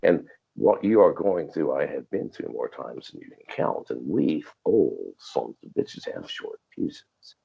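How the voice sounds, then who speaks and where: Older man, extremely low gravelly voice, husky, swearing and defiant, dull lo-fi call audio. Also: big pitch swings, a little slow, few pauses, mellow. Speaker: interview guest. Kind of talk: profane storytelling interview. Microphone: video call.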